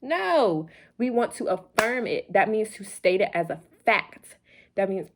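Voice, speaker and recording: A woman hosts a vlog, giving a motivational talk to camera with loopy late-night energy, like a playful preacher who repeats phrases for emphasis. Her voice is medium in pitch, swings widely, and stays unhurried.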